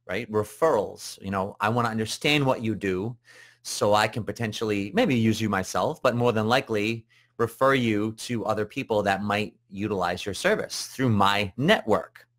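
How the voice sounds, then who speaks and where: A man hosting a live business coaching show, talking casually and rambling, with many fillers and restarts, and acting out quoted people in raised voices. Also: fairly bright tone. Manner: acts out quoted voices with jumps in pitch.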